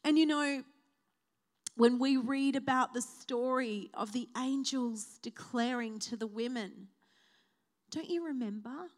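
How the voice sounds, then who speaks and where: A woman's voice: a little high, fairly even intonation, measured pace. A woman preaching a sermon at a church service, speaking heartfelt and building to a rising preaching cadence.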